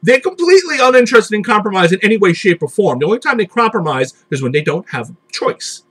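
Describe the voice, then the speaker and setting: A man's voice: sits high, big pitch swings, fast, fairly bright tone, husky. A man hosting a podcast, ranting heatedly in casual political talk and swearing freely. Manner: profane ranting, mocking voices. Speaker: podcast host.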